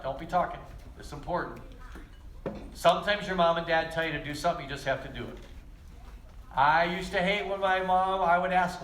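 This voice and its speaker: A man teaching children at church, telling stories lively and speaking straight to the kids. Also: sits high, slight background noise. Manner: lively, storytelling, addresses kids directly. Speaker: children's pastor. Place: church kids' room. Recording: echoey room with faint ambience.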